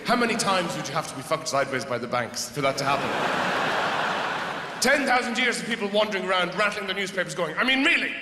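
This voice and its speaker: An Irish man doing stand-up comedy, wry and rambling, shifting between mumbled asides and loud outbursts. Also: sits high, animated, quick pace, very noisy. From Ireland. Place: theatre stage before a live audience. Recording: roomy hall with long reverb.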